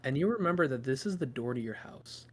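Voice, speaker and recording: A man narrating a tabletop game as game master, halting with lots of ums and restarts. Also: medium pitch, animated. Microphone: podcast microphone.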